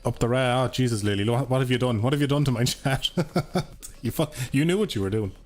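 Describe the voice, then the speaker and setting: This gaming streamer from Ireland speaks quickly at a medium pitch, keeping up loose, profanity-laced commentary for his audience during a live racing game session. Engines roar and game music runs in the background.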